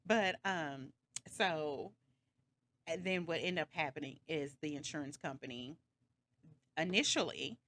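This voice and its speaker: Woman vlogger rambling thru a storytime, kinda low voice, backtracks a lot, little sarcastic. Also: measured pace, long pauses, fairly bright tone, dry recording. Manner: rambling, backtracks often, many fillers; sarcastic, slightly dramatic retelling. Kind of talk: casual storytime monologue.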